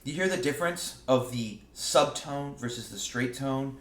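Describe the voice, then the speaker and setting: A man teaching saxophone in a relaxed, casual way, often stumbling over and repeating his words. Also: mid-range voice, normal speed. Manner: relaxed, explains with sung examples, repeats words. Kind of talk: casual music lesson. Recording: roomy echo.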